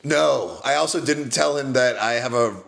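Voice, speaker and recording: A man in casual podcast chat, spinning a long rambling story with frequent restarts and laughs. His voice sits at a middle pitch. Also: normal speed, creaky, a bit bright. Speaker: podcast co-host, comedian.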